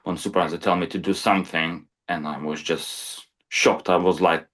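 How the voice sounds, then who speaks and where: A man's voice: low-pitched, steady tone, moderate pace, a bit bright. A man who is a crane supervisor, talking in casual podcast chat, plain-spoken and peppered with "you know".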